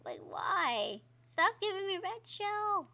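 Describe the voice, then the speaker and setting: A woman's voice: very high voice, big pitch swings, takes it slowly, gravelly, sharp tone, muffled recording. A woman streamer giving casual gameplay commentary, chatty and exclaiming at the game while talking to her viewers. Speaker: gaming streamer. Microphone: own microphone.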